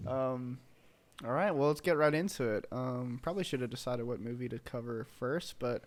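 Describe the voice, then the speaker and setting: A man's voice: mid-range voice, moderate pace, darkish tone. A man hosting a casual movie podcast, stuffy and sick, laughing often and swearing loosely. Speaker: podcast host. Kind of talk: casual chat.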